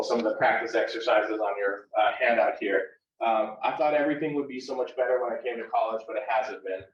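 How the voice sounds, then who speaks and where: Man lecturing from a distance in a roomy hall. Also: medium pitch. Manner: conversational, often ends points with "right?". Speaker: university counselor leading a workshop. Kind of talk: live workshop lecture. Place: classroom or workshop room. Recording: roomy, distant and dull live room recording.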